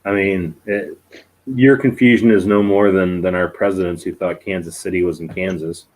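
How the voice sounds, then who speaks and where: A man's voice: low voice, fairly even intonation, moderate pace, darkish tone, low-quality recording. A man co-hosting a casual live-stream chat, joking and self-deprecating and chuckling often. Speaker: co-host.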